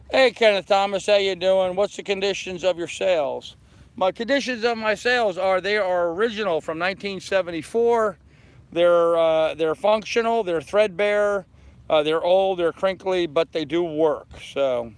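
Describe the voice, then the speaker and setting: An older man on a live stream, chatting into his phone from the deck of his anchored boat. He has a smooth, clear voice that sits a little high for a man, and he goes through his viewers' comments one at a time in a loose, friendly way. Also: no echo. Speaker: sailing vlogger. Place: aboard a small anchored sailboat outdoors. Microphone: phone held in hand.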